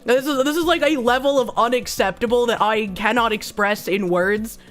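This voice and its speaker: Hoarse woman streamer rambling to chat. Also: a little high, normal speed, faint music behind. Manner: rambling, swears freely, frequent "like" and restarts. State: hoarse, sick-sounding voice. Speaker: streamer reading chat and donations. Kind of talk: casual live-stream chat.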